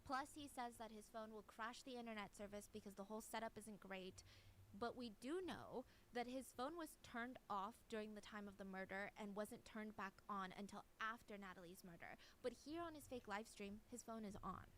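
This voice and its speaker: A woman's voice: medium pitch, normal speed, fairly bright tone, slight background noise, poor audio. A woman narrating a true crime video in a chatty, conversational way, adding side notes.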